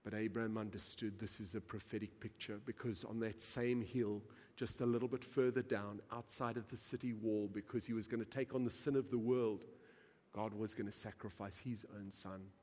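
A man preaching a sermon as pastor, reading scripture aloud and swinging from quiet, measured reading to loud, impassioned preaching. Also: lowish voice, steady tone, in a large hall.

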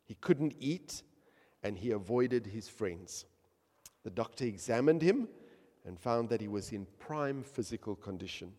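A man's voice: fairly low pitch, animated, unhurried. Dynamic preacher man in a reverberant hall. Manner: dynamic, swings from hushed to loud emphatic peaks. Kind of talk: sermon.

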